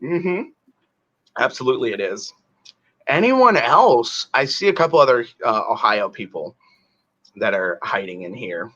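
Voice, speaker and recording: A man's voice: medium pitch, big pitch swings, measured pace, pauses often, bright, forceful tone, dull audio. A man from the northern United States hosting a webinar, joking and rambling with lots of fillers. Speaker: webinar host. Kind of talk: casual chat.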